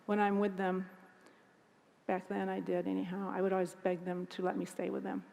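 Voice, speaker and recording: A woman speaking at a conference. She tells a personal story in an earnest, halting way with frequent restarts. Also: medium pitch, flat delivery, vocal fry, a little mellow, slight background noise. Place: conference hall. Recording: long hall reverb.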